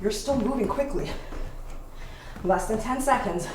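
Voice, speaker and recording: A woman's voice: fairly high pitch, expressive, measured pace, far from the mic. A woman instructor calling out exercise cues while doing the workout herself, breathing hard as she moves. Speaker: fitness instructor. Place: home workout space. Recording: roomy, from off the mic, noisy.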